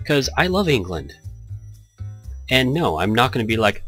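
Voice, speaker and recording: A man's voice: medium pitch, sing-song, measured pace, pauses often, a bit bright, faint music behind. A man hosting a let's play, talking casually and rambling as he reacts to the game. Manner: rambling, chatty, laughs often. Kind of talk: casual commentary over a game.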